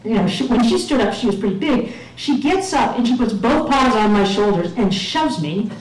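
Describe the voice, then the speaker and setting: Woman storyteller, wry and self-mocking, slightly high voice, recorded in a room from afar. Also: expressive, normal speed, a little mellow, a little hiss or hum. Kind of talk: live personal storytelling. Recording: echoey room, mic at a distance.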